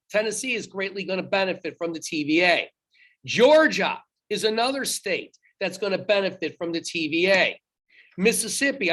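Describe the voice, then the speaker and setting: A man's voice: high voice, fairly bright tone. Male history teacher recording an online lecture on his laptop; conversational and emphatic, self-correcting.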